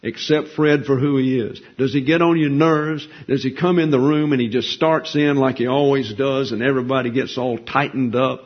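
A man delivering a sermon in a plain, folksy teaching style, often putting questions to his listeners and answering them himself. His voice is slightly husky and sits at a middle pitch. The recording sounds dull and lo-fi. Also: steady tone, normal speed, hardly any pauses. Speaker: preacher.

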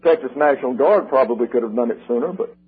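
An older man preaching a sermon, working through numbered points and repeating key slogans slowly and with emphasis, with a husky voice. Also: medium pitch, lively intonation, very noisy. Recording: tinny lo-fi radio broadcast.

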